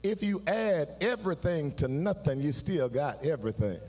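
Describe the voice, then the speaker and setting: A pastor preaches live in a church, his fairly high voice rising from quiet, confiding lines into sung, shouted peaks. He calls out to the congregation for answers as he goes. The sound carries the long reverb of a large sanctuary. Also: sing-song, normal speed. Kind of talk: sermon.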